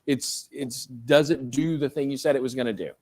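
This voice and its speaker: A man's voice: medium pitch, steady tone, normal speed, darkish tone. A middle-aged man, a professor, giving a casual classroom lecture, asking the class questions and joking along the way.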